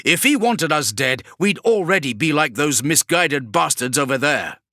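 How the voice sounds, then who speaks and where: A man's voice: a little high, big pitch swings, normal speed, bright, forceful tone, dry recording, clean studio sound, pitched above the performer's own voice, exaggerated voice. A man voicing a weary male sorcerer who speaks bluntly and with resignation. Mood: resigned.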